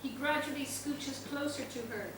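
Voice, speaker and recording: A woman reading stage directions aloud in a plain, even way. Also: high-pitched, moderate pace. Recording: echoey hall, distant mic, loud noise.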